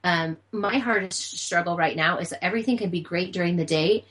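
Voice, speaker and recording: A woman co-hosting a podcast who tells a story in a chatty, animated way. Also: lowish voice, fairly quick, low-quality recording. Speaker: podcast co-host. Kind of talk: casual chat.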